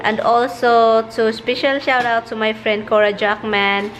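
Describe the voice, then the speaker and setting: A woman's voice: fairly high pitch, little pitch movement, a little slow, a bit bright, a little hiss or hum. A Filipina woman with a Filipino accent, vlogging casually at home and cooing to her dogs. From Philippines. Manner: chatty, coos and baby-talks to her dogs. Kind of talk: casual vlog chat.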